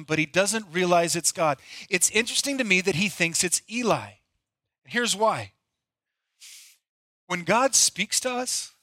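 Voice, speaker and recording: A man's voice: on the high side, pushed and bright, no room sound. A middle-aged male pastor delivering a conversational, storytelling sermon.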